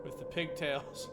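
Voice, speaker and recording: A man from Ohio, streaming a game in casual commentary, joking, rambling and laughing often. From Ohio, USA. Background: game music.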